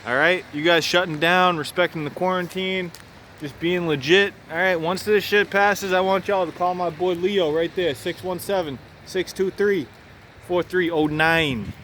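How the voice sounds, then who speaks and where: A man with a Boston accent rambles along in a casual, profane, joking vlog, his voice sitting a bit high for a man. He films himself on a handheld camera out on a snowy city street. Clear street noise runs under everything he says. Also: fairly even intonation, moderate pace, a bit bright. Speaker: vlogger.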